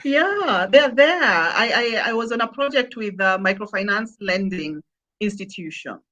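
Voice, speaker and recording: A woman's voice: mid-range voice, animated, a little slow, a bit bright, highs cut off. A woman guest in a conversational interview, speaking emphatically and repeating phrases for effect. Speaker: customer experience consultant, guest.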